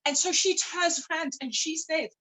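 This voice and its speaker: A woman's voice: very high-pitched, moderate pace, pushed and bright, rough recording. A woman, speaking at a conference and telling a story in a conversational way, with frank personal asides and self-deprecating humor. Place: church hall.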